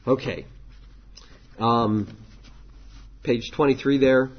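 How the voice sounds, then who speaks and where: A man's voice: mid-range voice, takes it slowly, husky, highs cut off. A man who is a pastor, teaching a church leadership class in a conversational way, with frequent ums and restarts.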